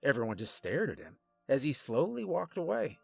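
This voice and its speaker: A man telling a first-person story in a deadpan way, with wry asides to the listener. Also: medium pitch, normal speed, gravelly, husky, soft background music.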